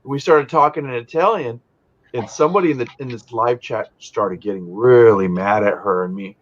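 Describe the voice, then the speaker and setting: A man's voice: mid-range voice, moderate pace, dull audio. A man in casual stream chat, joking around and dropping Italian phrases into his talk. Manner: animated, jokey, slips into Italian phrases.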